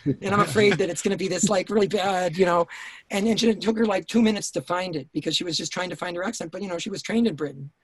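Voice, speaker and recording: A man's voice: high voice, quick pace, husky, no echo. Intense, restless man telling stories. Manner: intense, swears, many restarts. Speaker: writer-director guest. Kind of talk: casual interview storytelling.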